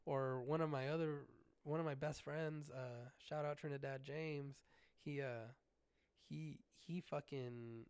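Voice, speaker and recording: Animated, foul-mouthed man telling a story. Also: fairly high pitch, measured pace, clear, resonant tone, no echo. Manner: animated, heavy cursing, lots of restarts. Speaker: podcast host. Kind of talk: casual solo storytelling.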